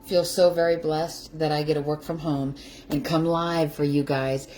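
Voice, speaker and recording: A woman's voice: deep voice, level tone, moderate pace, darkish tone, a little hiss or hum. A middle-aged woman hosting a casual live stream from her home kitchen, effusive and greeting viewers by name, growing teary-eyed. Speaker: keto lifestyle livestream host. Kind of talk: casual livestream chat.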